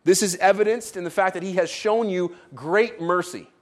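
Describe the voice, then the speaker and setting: A man's voice: high-pitched, normal speed. A man preaching a sermon as pastor, stressing points by repeating them and checking in with the congregation. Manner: emphatic, repeats key points, asks "right?".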